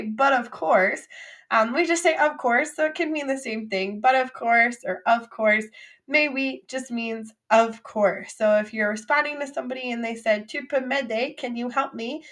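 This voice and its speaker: A woman teaching a recorded French vocabulary lesson, drilling phrases with clear, upbeat repeat-after-me prompts. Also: a little high, normal speed, a bit bright.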